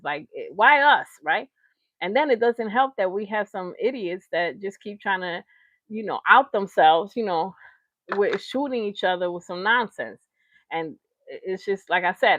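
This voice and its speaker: A woman's voice: mid-range voice, dry recording, lo-fi sound. A woman hosting a livestream reaction show, ranting in heated, slangy, emphatic commentary.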